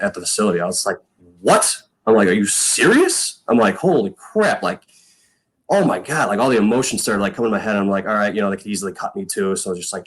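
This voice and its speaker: Deep-voiced man telling stories. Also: fairly bright tone. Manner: rambling, frequent fillers, acts out quoted lines. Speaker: podcast guest, former punter. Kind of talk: casual storytelling chat.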